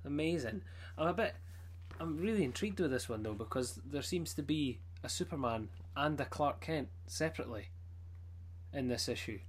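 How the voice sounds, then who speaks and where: A man chatting casually about comic books, animated as he retells scenes. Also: fairly high pitch, normal speed, breathy edge. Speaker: comic collector. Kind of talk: casual chat.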